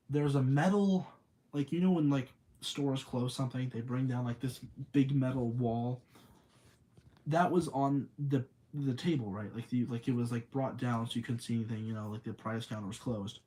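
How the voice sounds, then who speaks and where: Rambling young man, mellow voice. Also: medium pitch, moderate pace. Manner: rambling, chatty, reads chat aloud. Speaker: streamer. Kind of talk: casual storytelling on a livestream.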